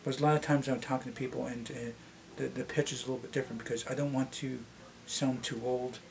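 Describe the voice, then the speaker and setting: Canadian man, middle-aged, slightly deep voice, rambling vlog chat, many restarts. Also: little pitch movement, fast talker, gravelly. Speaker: vlogger. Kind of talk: casual rambling chat to camera.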